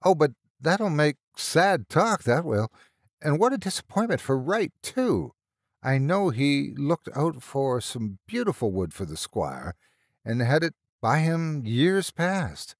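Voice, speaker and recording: A man's voice: mid-range voice, very animated, normal speed, creaky, no room sound, clean studio sound. A male narrator voicing a deferential, easily shocked village church clerk who stammers. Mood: dismayed.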